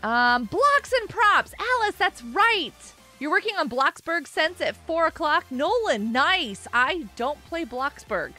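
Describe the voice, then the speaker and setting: Woman streamer, very high bright voice, giggly and lively, chatty with viewers, soft music underneath. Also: slow, few pauses. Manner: bubbly, giggly, reads chat aloud. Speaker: live streamer. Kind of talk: casual live-stream chat. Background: faint music.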